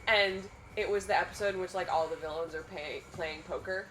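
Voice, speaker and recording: A young woman chatting casually during a charity game marathon, telling stories with animated quoted lines. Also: lowish voice, brisk, a little hiss or hum, poor audio. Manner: animated storyteller, acts out quotes. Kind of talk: casual chat.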